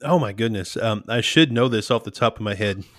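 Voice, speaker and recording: A man's voice: fairly low pitch, brisk, no echo. A man co-hosting a casual beer chat, friendly and a bit hesitant. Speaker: co-host.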